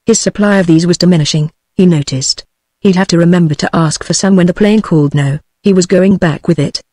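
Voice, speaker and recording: A synthetic British female text-to-speech voice narrating an audiobook in a flat, even reading. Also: lowish voice, a little fast, dry recording, studio quality. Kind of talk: scripted narration.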